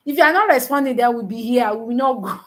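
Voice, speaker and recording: A woman tutoring nurses in a live online lesson, teasing her students and quizzing them with repeated questions, counting aloud slowly. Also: fairly high pitch, fairly bright tone. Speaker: nursing exam tutor.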